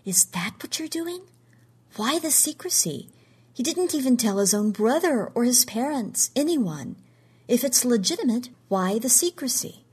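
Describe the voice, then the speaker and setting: A woman's voice: a little high, expressive, normal speed, a little mellow, slightly rough, pitched above the performer's own voice. A woman reading the lines of a frightened, desperate woman whose voice rises with anxiety. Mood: anxious, pleading. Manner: pleading, anxious, voice rising.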